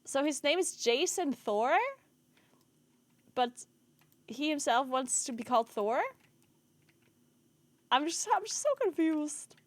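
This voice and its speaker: A woman's voice: sits high, animated, slow, long pauses, no echo. A woman streamer in casual live-stream chat, often laughing as she reacts to her viewers. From Italy. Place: home streaming setup.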